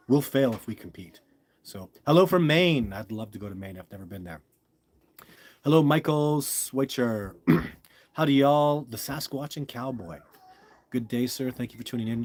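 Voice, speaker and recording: A man's voice: lowish voice, breathy edge. A man hosting a casual live stream, reading viewer comments aloud and rambling enthusiastically while talking straight to the viewer. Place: at home with a dog nearby.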